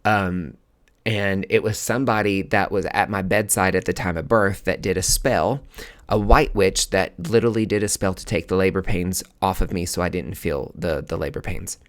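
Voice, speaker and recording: A male podcast host telling a personal story in casual, animated talk, full of fillers and restarts, acting out what people said. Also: normal speed. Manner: acts out quoted dialogue with sudden high outbursts.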